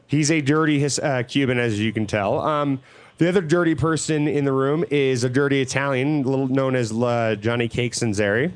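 A man's voice: mid-range voice, normal speed. A man hosting a talk show in a laid-back, crude, slangy way, also reading out show plugs. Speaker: radio show host. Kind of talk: casual banter on a live talk show.

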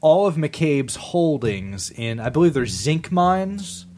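Man host, relaxed plot recap, wry asides, slightly high voice. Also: takes it slowly, a little hiss or hum. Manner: joking, summarizes plot with fillers. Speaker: podcast host recapping a film. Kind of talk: casual film discussion.

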